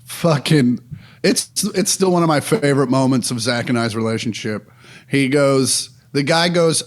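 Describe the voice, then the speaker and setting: A man's voice: mid-range voice, moderate pace. A man co-hosting a podcast, telling a story in laid-back, casual chat. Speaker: podcast co-host.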